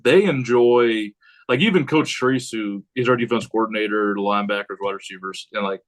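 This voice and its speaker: A man who is a high school head football coach, talking casually on a podcast in a rambling way and acting out what he says to players. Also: moderate pace, poor audio. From United States. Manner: rambling, animated, acts out quotes of himself.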